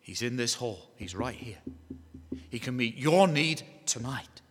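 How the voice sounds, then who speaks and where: A man's voice: medium pitch, animated, a little slow, breathy edge. A man with an English accent preaching a sermon, repeating key phrases and putting questions to his listeners. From England. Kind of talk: evangelistic sermon. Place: church hall. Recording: echoey hall with long reverb.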